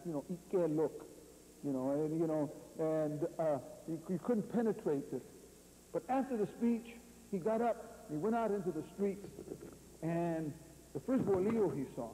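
A slightly high, dark-toned voice belongs to a Californian man giving a rambling guest lecture full of stories, with frequent rhetorical questions and "you see." The audio, recorded in a university lecture hall, is poor, echoey, and faintly humming.

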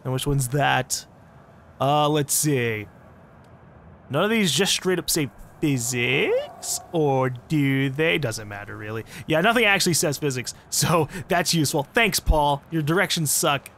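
A man's voice: on the high side, lively intonation, unhurried, a bit bright, a little hiss or hum. A man giving sarcastic, joking commentary while playing a video game. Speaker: let's play commentator. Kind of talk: casual gaming commentary.

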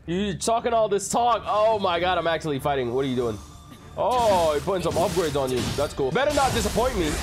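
A young man giving excitable gameplay commentary with narration, breaking into yelps and shouts and joking trash talk. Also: fairly high pitch. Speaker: gaming video creator.

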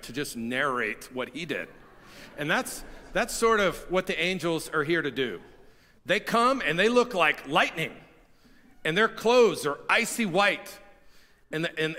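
Man, pastor, sermon, bright tone, conversational storytelling, long hall reverb. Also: fairly high pitch. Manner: conversational storytelling with frequent restarts. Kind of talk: Easter sermon. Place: church sanctuary.

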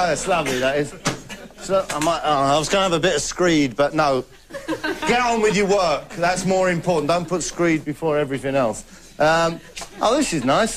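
Rambling British comedy host, fairly high voice. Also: male voice. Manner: rambling, chatty, laughs between bits. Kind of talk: deadpan stand-up monologue to camera. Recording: clear background noise.

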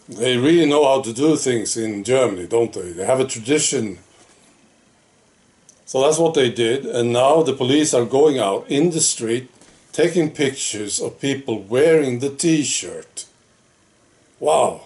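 A man talks to his viewers in an unhurried, drawn-out way, in a mid-range voice. He chats casually, leaning on rhetorical questions and little asides like "right?" and "you know". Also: medium pitch, lively intonation, darkish tone. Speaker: political vlogger. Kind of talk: casual opinion monologue.

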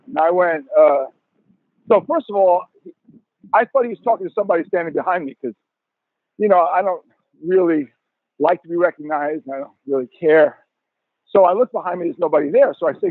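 A man in his sixties, a guest musician telling profane, animated stories in a podcast interview over a tinny phone line. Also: sits high, moderate pace, no room sound.

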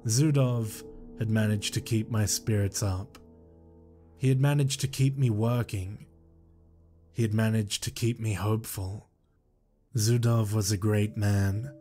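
A man narrating a horror story in a slow, measured, somber way. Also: fairly low pitch, steady tone, warm tone, faint music behind.

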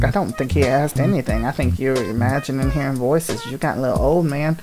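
A woman's voice: extremely low pitch, a little fast. A woman hosting a gaming video, joking and rambling through a Let's Play with a scratchy voice. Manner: chatty, jokey, rambling asides. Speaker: gaming channel host. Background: game music.

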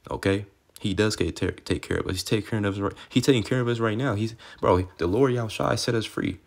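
This young adult street preacher has a lowish, creaky voice and talks fast. His Bible teaching is casual and rambling, full of free cursing and lines capped with "man" or "okay."

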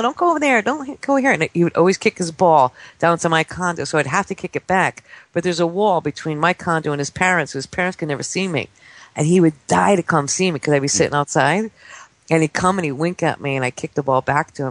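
Excitable man in his forties, dry studio. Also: a little high, quick pace, no room sound. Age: 40s. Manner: excitable storyteller acting out children's voices. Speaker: radio show guest. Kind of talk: casual talk-radio chat. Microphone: studio microphone.

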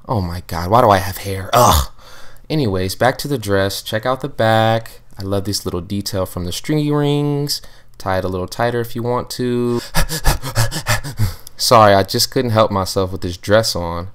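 A man doing a comedic voiceover as his young wife, playing a sassy fashion vlogger who shows off her outfits in a playful, boastful, teasing way. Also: on the low side.

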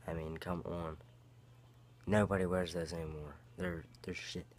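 A man's voice: low voice, level tone, normal speed, slight background noise. A young man telling a rambling, profane story to the camera in a casual vlog. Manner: rambling, profane retelling with quoted exchanges. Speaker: vlogger.

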